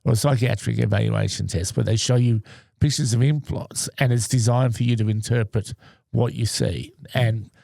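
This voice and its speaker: A man co-hosting a podcast, his voice deeply gravelly and mellow. He tells his stories with a dry wit. The sound is dry and close to the mic. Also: steady tone, normal speed, no echo. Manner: storytelling, dry humour. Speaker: podcast co-host. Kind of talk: casual chat, telling jokes. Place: podcast studio.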